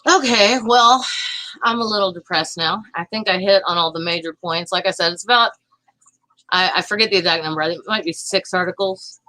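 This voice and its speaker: A woman with a Southern accent hosting a livestream, ranting fast about politics and reading out viewer comments. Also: fairly low pitch, bright, forceful tone, no echo, low-quality recording. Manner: fast, heated, talks to chat viewers. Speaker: livestream host reading chat. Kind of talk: casual political livestream chat.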